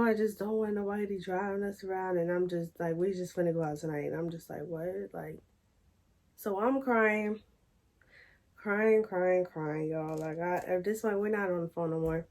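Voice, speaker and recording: A woman's voice: medium pitch, normal speed. Chatty young woman telling a story. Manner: chatty, animated, addresses viewers as y'all. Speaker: storytime vlogger. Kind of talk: casual storytelling to camera.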